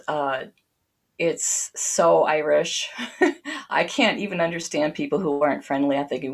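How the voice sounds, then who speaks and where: A woman's voice: low voice, breathy edge. A woman reading lyrical prose and then talking casually and enthusiastically about Celtic spirituality. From United States. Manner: unhurried, enthusiastic and storytelling.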